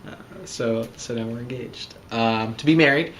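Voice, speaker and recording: A man's voice: mid-range voice, moderate pace, a bit bright, slight background noise. A young man casually telling the story of his proposal, rambling with lots of fillers. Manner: rambling, many fillers like "you know" and "um".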